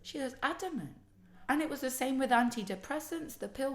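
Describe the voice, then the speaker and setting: A woman telling a story in an interview, emphatic and animated, swearing freely. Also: sits high, fairly quick, echoey room. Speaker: interviewed friend. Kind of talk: casual interview.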